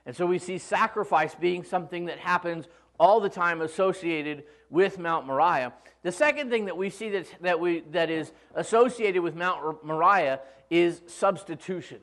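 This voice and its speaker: High-voiced man preaching a sermon. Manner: conversational, humorous storytelling. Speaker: pastor. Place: church.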